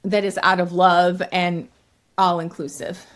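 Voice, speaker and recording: A middle-aged woman, a comedian, telling stories as a guest in an interview, lively and quick to laugh. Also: lowish voice. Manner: lively, laughs often, acts out quotes. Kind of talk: storytelling in an interview.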